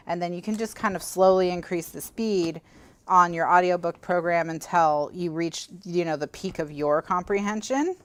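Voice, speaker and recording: A woman's voice: on the low side, moderate pace, dry recording. A woman hosting a live crafting stream, chatting casually and rambling with lots of fillers and restarts. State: has the hiccups. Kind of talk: casual chat while crafting.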